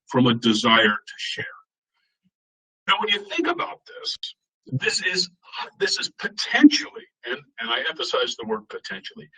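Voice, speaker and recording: Husky middle-aged American man lecturing. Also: medium pitch, fairly bright tone, low-quality recording. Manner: earnest, frequent fillers and restarts. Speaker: guest speaker. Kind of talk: seminar lecture.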